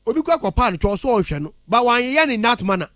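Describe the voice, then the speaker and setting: A man with a Ghanaian accent in heated radio talk, animated and indignant, switching between English and Twi. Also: very high voice, fast, no room sound, clean studio sound.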